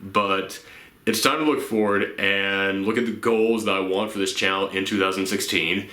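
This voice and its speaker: A man's voice: deep voice, steady tone, moderate pace, bright, forceful tone, reverberant. A young man hosting his own channel, talking unscripted and earnestly to his viewers late at night, a little tired and rambling. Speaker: YouTube channel host. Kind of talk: casual vlog to viewers.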